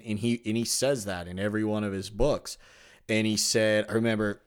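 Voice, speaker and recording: Low-voiced man hosting a rambling chat. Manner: rambling, animated, frequent restarts. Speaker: podcast host. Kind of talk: casual conversation.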